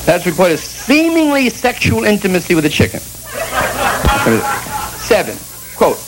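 A man's voice: sits high, wildly swooping pitch, unhurried, pauses often, over music, low-quality recording. A male stand-up comedian delivering an irreverent, rambling monologue full of restarts and asides.

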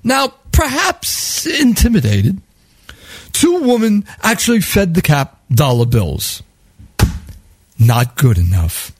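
Wry high-voiced New storyteller. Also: male voice, huge pitch swings, slow pace, slightly rough, no echo. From New York. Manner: wry, sardonic, chuckling, wordy. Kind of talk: comic storytelling monologue.

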